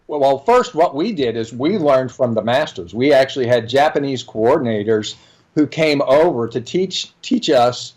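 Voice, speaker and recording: A man's voice: medium pitch, a little mellow. A middle-aged man, a leadership trainer, speaking as an interview guest and telling a workplace story with quoted dialogue. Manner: earnest, tells anecdotes with acted dialogue. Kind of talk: conversational storytelling.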